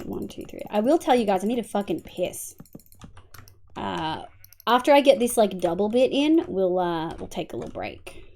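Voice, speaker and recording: While gaming on a live stream, an Australian woman talks casually with her audience, swearing and giving shout-outs by name. Her fairly high voice drops to soft mumbling at times and jumps to loud bursts at others.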